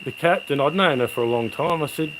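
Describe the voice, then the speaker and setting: A man's voice: fairly high pitch, fairly quick, noisy background. A middle-aged Australian man, a livestream host, rambling through stories and chatting casually with his viewers outdoors at night. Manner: rambling, laid-back storyteller, matey. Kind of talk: casual chat with live viewers. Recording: crickets and insects chirping behind.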